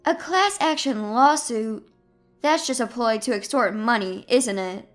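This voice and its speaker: A woman's voice: on the high side, measured pace, soft background music, natural voice. A woman voicing an arrogant man who dismisses others in a storybook drama. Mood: dismissive. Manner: dismissive, then stammering. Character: arrogant man turned groveling.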